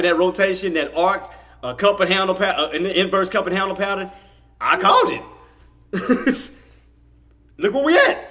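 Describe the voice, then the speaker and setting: Animated man bragging over live trades. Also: on the high side. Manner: animated, bragging, laughs often, talks to chat. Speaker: trading livestream host. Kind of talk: casual live market commentary.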